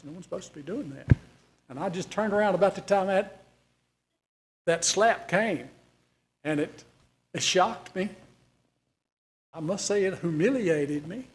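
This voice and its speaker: A man leads an informal Bible study class, his voice a little high for a man. His manner is folksy and conversational, and he keeps asking his listeners questions.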